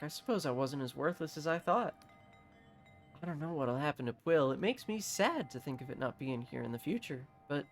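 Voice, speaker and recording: A man voicing a lonely young village man from a game, quiet and earnest. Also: fairly high pitch.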